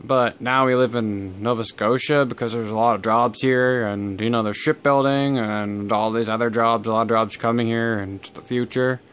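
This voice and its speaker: A man's voice: medium pitch, fairly even intonation, moderate pace, hardly any pauses, a bit bright, smooth. A man, from Canada, talking casually to camera about family history in a rambling, digressive way. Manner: rambling and digressive, with many fillers. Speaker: channel host.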